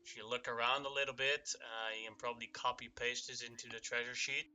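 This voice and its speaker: A man running a tabletop game as game master, reading out loot with many pauses and fillers. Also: mid-range voice, flat delivery, pushed and bright. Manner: hesitant, reads out loot with fillers.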